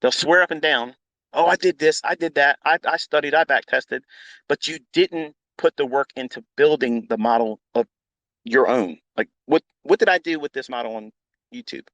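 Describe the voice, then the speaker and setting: A middle-aged man giving a blunt, profane, unscripted rant as a trading educator hosting a live audio chat, repeating himself and swinging into loud outbursts. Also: mid-range voice, normal speed, dry recording, rough recording.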